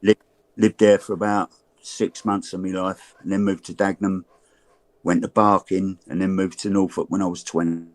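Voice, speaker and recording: A low-voiced man with a London accent answers questions in a casual chat. He speaks plainly and matter-of-factly, pausing on hesitant ums. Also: flat delivery.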